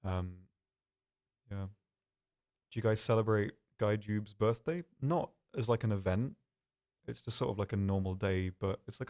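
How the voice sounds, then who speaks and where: Reading out questions from viewers, a young man on a casual live stream answers them one at a time at a measured pace. His voice sits a little low, soft and calm, and he comes across dry and self-deprecating.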